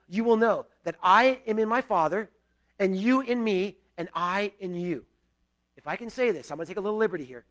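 A middle-aged male pastor preaching a sermon in a conversational way, with personal asides and swings between loud and quiet. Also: high-pitched.

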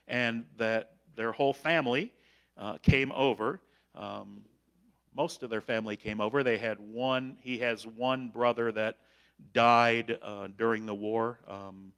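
A middle-aged man delivering a sermon at a deliberately unhurried pace. He stresses key words and lifts his voice on them, then trails off softly, with ums and uhs between thoughts. His voice sits at an ordinary male pitch. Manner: slow, emphatic preaching with frequent fillers. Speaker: pastor.

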